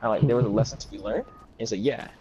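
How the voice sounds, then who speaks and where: A man's voice: fairly low pitch, very fast, mellow, lo-fi sound, slight background noise. A man telling a long comic story in casual chat, rambling and profane, acting out what others said.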